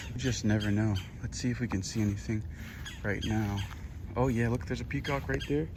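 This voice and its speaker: A man vlogging casually outdoors by his backyard pond, filming on a cell phone and chatting excitedly to the camera and to his fish. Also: mid-range voice, background noise. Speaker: fishing and fish-keeping vlogger. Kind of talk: casual outdoor vlog narration.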